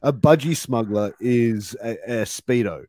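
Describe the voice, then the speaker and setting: A man's voice: medium pitch, a little slow, a little mellow. An Australian man hosting a casual interview game, jokey, laughing easily and repeating himself. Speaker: host.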